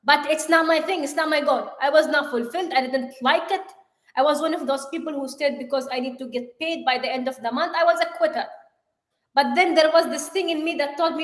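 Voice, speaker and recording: A high-pitched woman speaking earnestly and with emphasis, co-hosting a motivational live stream. She stops now and then to correct herself. The room around her is echoey. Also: a little fast. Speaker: co-host. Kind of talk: motivational live show talk.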